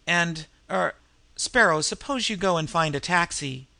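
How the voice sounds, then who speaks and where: A man voicing a soft-spoken gallant adventurer. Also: fairly high pitch, expressive, unhurried, creaky, dry recording, heavily acted. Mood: tender. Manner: soft, gentle. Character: gallant, tender male adventurer.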